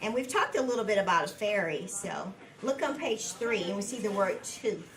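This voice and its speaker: A woman teacher leading a guided reading lesson with young children in a classroom, patient and encouraging, speaking slowly and clearly. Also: mid-range voice, big pitch swings. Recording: echoey room from a distance, background noise.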